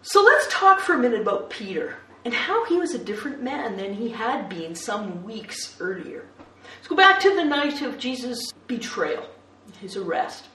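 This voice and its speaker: A woman preaching a sermon, her voice fairly high, moving between hushed moments and lively storytelling. The recording is echoey and distant, like a mic set back in a room. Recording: roomy echo, distant mic.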